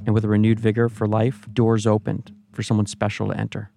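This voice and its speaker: Low, flat-voiced male narrator. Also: gravelly, soft background music. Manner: measured, even storytelling delivery. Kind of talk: scripted documentary narration.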